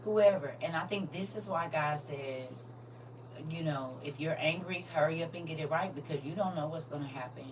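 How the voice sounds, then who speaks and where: Low-voiced woman talking live, distant mic. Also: moderate pace, slight background noise. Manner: swings from soft, near-whispered to loud and animated. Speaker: live stream host. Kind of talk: casual live stream talk, reading viewer comments.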